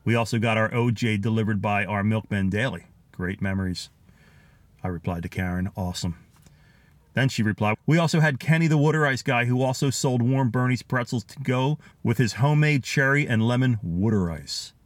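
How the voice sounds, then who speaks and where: A middle-aged podcast host with a Philadelphia accent, sharing old neighborhood memories in an easy, chatty way. He chuckles often and reads listener notes aloud. His voice sits at an ordinary pitch and is recorded close and dry. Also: moderate pace, no room sound. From Philadelphia area, USA. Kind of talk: casual storytelling, reading out listener comments.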